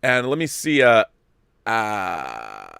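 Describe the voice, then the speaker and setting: A man's voice: on the low side, huge pitch swings, slow pace, gravelly, pushed and bright, clear, resonant tone, no echo, clean studio sound. A male host chatting casually and reading out viewer messages with wry humor. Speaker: show host. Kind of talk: casual chat.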